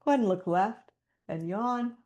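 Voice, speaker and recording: A woman presenting a webinar over a video call, calmly guiding listeners through posture and breathing cues with light laughs between instructions. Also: mid-range voice, normal speed. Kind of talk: guided body-awareness instruction.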